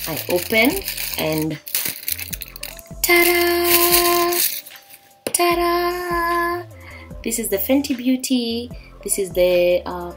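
A young woman from Kenya excitedly unboxing a beauty subscription box in a vlog, gushing and exclaiming as she goes. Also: medium pitch. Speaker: beauty vlogger. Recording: faint background music.

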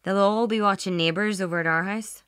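A woman's voice: mid-range voice, fairly even intonation, a little fast, a bit bright, clear, resonant tone, no room sound, studio quality, lightly acted. A woman voicing a chatty, nosy young woman with an eager, gushing way of talking. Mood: casual.

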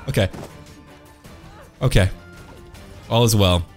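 A man with a very low voice talks over his video game in a playful let's-play style. He drops into mock-pompous, old-fashioned turns of phrase and bursts into high, silly exclamations. Faint music plays beneath him. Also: animated, normal speed. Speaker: gameplay commentator.

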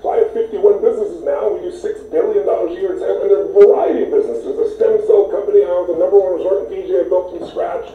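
Man, fairly high voice, emphatic storyteller; phone-like, echoey, far off. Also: fast, hardly any pauses. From United States. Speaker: interview guest. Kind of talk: animated storytelling. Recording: tinny, echoey, distant sound.

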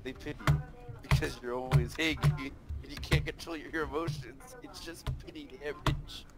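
A man's voice: on the high side, steady tone, normal speed, loud music behind the voice. Joking man on a gaming stream. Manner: joking, laughs often. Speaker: co-player on a stream. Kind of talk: casual gaming banter.

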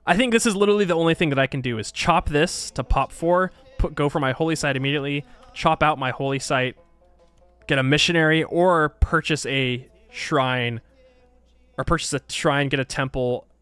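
A gaming YouTuber provides let's play commentary on his strategy game, thinking aloud and getting exasperated at setbacks. His voice is on the high side, a bit bright, clear and resonant.

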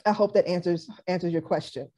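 A woman's voice: on the low side, fairly even intonation, a little fast, warm tone. A woman hosting a casual panel discussion, talking frankly and repeating her key points for emphasis. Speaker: panel host.

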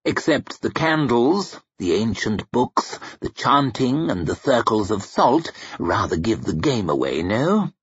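A man's voice: on the low side, big pitch swings, a little slow, hardly any pauses, slightly rough, dry recording, dull audio, exaggerated voice. A man doing a sardonic crippled inquisitor. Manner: dry, sarcastic.

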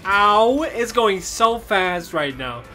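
An anime reaction host giving live commentary, excitable, exclaiming, laughing and swearing often. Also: mid-range voice, takes it slowly, soft background music.

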